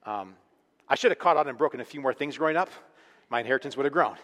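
A man preaching a sermon, earnest and emphatic, swinging between quiet, intimate lines and loud, pressing ones. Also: fairly high pitch, lively intonation, a little fast. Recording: long reverb of a large hall.

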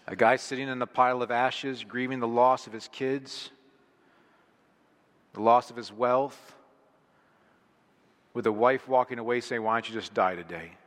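A man's voice: mid-range voice, level tone, measured pace, long pauses, fairly bright tone, in a large hall. A middle-aged male pastor preaching a sermon in an earnest, emphatic way, leaning hard on single words. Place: large church hall.

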